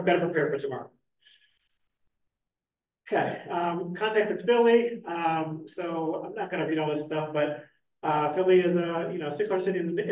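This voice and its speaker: A man with a slightly high voice giving a panel presentation in a roomy, echoing hall. He stands a little away from the microphone, so he sounds distant. He talks quickly with plenty of ums and restarts. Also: darkish tone. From Philadelphia. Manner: fast-talking, loose, many fillers. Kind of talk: academic conference talk. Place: conference room with hybrid online audience. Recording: echoey room, speaker away from the mic.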